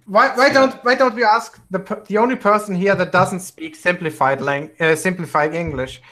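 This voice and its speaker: A man's voice: high voice, normal speed, fairly bright tone. A man speaking bluntly and swearing in a casual online group call. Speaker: online hangout participant.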